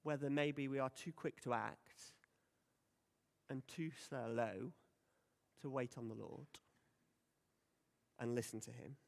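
A man's voice: mid-range voice, slow pace, vocal fry, long pauses. Guy preaching, chatty and emphatic, echoey hall. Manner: conversational, emphatic, acts out quoted lines. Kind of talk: sermon. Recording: long hall reverb.

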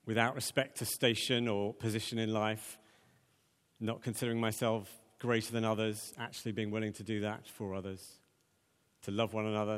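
A man preaching a conversational sermon, with plenty of ums and repeated words. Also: on the low side. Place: church. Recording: long church hall reverb.

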